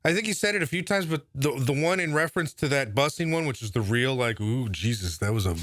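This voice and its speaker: A man's voice: on the high side, quick pace, a bit bright, no room sound. A man ranting casually about politics, profane and sarcastic. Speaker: political commentator.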